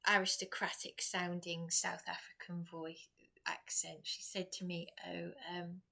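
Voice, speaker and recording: A woman's voice: fairly low pitch, little pitch movement, a little slow, gravelly, bright, forceful tone. An exhausted woman vlogger talking in a rambling personal monologue, repeating herself, restarting and dropping to whispers.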